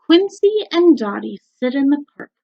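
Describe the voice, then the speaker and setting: A woman's voice: high-pitched, gravelly. A woman teacher reading a picture book aloud to young children at home, stopping to ask them questions. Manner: slow, animated, asks the children questions. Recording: dull lo-fi recording.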